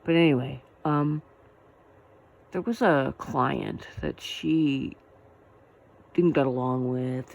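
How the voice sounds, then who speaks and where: A woman's voice: a bass voice, slow, gravelly, long pauses, a little mellow, low-quality recording. A woman in her forties telling a personal story to camera, blunt and profane, getting worked up as she talks. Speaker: vlogger.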